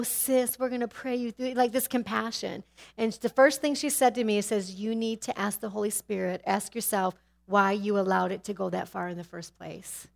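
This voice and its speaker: A middle-aged woman sharing a personal faith testimony, candid and animated, with sudden drops to a hushed tone. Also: medium pitch, creaky.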